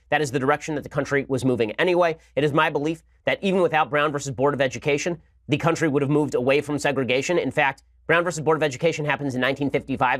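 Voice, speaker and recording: A man's voice: mid-range voice, dry recording, clean studio sound. A man hosting a show, delivering a sarcastic political commentary monologue. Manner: rapid-fire, sarcastic. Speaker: host.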